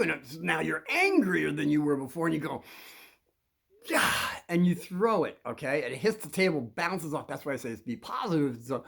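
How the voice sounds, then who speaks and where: Rambling man acting out schoolyard scenes. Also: on the high side. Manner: rambling, acts out scenes with sudden loud quoted lines. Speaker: host giving kids advice on bullies. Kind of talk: rambling monologue to children.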